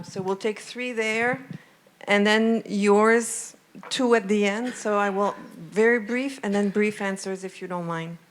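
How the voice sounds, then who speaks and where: A woman of middle pitch moderating a lecture Q&A. She keeps her questioners brief and polite, and she watches the clock. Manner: brisk, time-keeping, polite.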